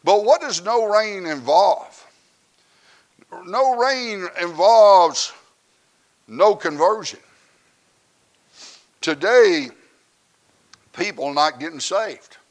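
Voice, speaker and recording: High-voiced, slow-preaching man. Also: animated. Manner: swings from quiet asides to loud shouted preaching. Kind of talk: sermon.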